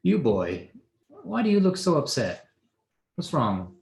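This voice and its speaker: A man's voice: a little high, huge pitch swings, measured pace, vocal fry, a little mellow, reverberant, pitched above the performer's own voice, exaggerated voice. A man voicing a rich, tipsy noblewoman mother who gushes and talks down to people in an airy, sing-song voice. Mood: gushing.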